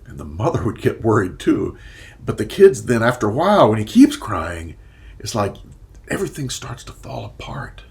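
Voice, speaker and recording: Gravelly older man, lively monologue. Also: on the low side, normal speed. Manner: animated, rhetorical questions, drops into whispered asides. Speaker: therapist and commentator. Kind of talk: casual monologue commentary.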